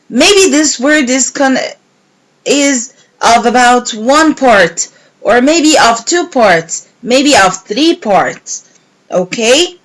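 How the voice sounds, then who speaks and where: A woman teacher giving a recorded English lesson to young pupils, repeating words slowly and clearly. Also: high voice, rough recording. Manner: slow, clear, repeating words and clapping syllables.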